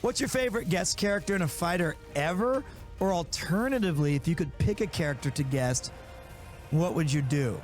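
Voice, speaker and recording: A man with a high voice chats casually on a live stream. He tells long, self-interrupting stories. Faint music plays under his voice. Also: lively intonation, brisk. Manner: rambling, self-interrupting anecdotes. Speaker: streamer hosting a watch party. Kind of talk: casual chat, storytelling to chat. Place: home streaming studio.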